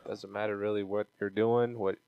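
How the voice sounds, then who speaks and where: A man's voice: on the low side, little pitch movement, normal speed, clear, resonant tone, no echo, narrow, tinny audio. A man co-hosting a casual podcast as a martial arts instructor, speaking in a laid-back way and often answering with short replies.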